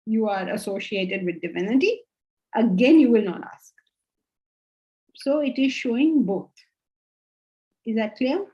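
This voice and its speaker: A woman's voice: fairly high pitch, warm tone, muffled recording. A woman teaching a spiritual class, explaining patiently and often checking that students follow. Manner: explanatory, checks understanding with questions. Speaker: Vedanta teacher.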